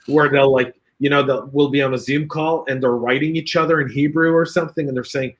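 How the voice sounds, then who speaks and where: A man hosting a relaxed livestream and reading viewer comments between jokes, talking in an easy, chatty way. His voice sits in an ordinary middle pitch, as it would over a video call. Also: brisk, hardly any pauses, slight background noise. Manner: chatty, reads viewer comments aloud, jokey. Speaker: podcast host reading live chat. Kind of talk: casual livestream chat.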